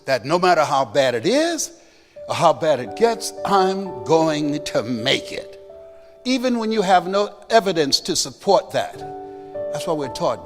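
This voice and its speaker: A man giving a motivational speech, telling a story, then leading the audience in call-and-response. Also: a little high. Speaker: motivational speaker. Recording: long hall reverb with clear music underneath.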